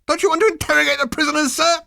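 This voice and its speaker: A man's voice: extremely high pitch, fairly even intonation, rapid-fire, vocal fry, sharp tone, no echo, pitched above the performer's own voice, exaggerated voice. A man voicing a furious male military second-in-command who squeals and bellows. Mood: furious shouting.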